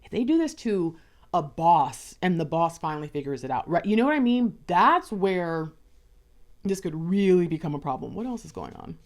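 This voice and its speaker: Animated low-voiced woman reading tarot. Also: normal speed. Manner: chatty, acts out conversations in little voices. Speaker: tarot reader. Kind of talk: casual tarot card reading.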